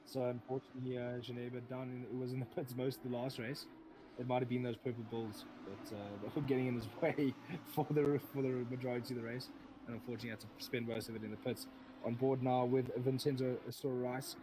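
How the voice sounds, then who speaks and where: A man's voice: mid-range voice, little pitch movement, fast. Man, sim racing commentator, live commentary, rambling, self-correcting, engine noise behind.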